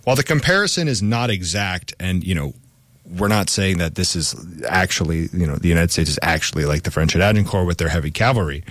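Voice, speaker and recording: A man's voice: deep voice, lively intonation, fast, a bit bright, no room sound. A man co-hosting a history podcast, reading a script with casual asides. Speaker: podcast co-host.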